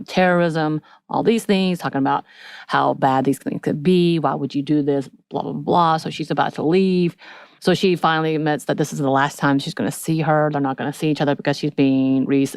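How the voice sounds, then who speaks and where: Recorded in studio quality without any room sound, this podcast co-host has a low, clear, resonant voice. Her casual recap of a TV episode is lively, and she performs the characters' lines throughout.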